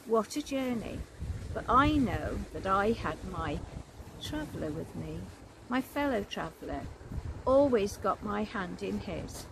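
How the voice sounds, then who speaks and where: Woman, older, church warden, earnest testimony, gravelly, noisy recording. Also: mid-range voice, lively intonation, unhurried. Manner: gentle, earnest storytelling. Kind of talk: personal testimony.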